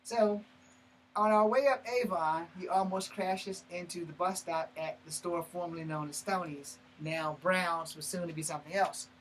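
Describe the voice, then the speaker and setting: A man telling a personal story in a blunt, profane, animated way, breaking off and restarting mid-sentence. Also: high-pitched, normal speed, slight background noise, low-quality recording. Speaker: martial arts channel host. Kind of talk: personal story told to camera.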